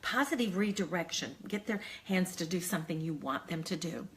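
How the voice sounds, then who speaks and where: An older woman, an early childhood educator, giving friendly, encouraging classroom tips between slow, singsong chant demonstrations. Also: on the low side, expressive. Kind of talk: teacher training demonstration.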